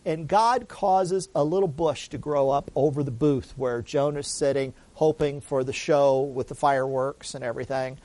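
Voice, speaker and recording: A man's voice: medium pitch, moderate pace, hardly any pauses, a little mellow. A man preaching a sermon and retelling a Bible story in a conversational, storytelling way, with frequent restarts and asides. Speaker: pastor.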